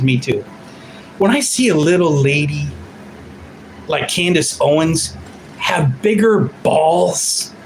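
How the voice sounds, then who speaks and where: Fired-up fifty-something man, slightly high voice, swears freely, livestream ranter. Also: slight background noise, rough recording. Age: 50s. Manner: loud, profane, fired-up. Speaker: livestream commentator. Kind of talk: unscripted ranting livestream.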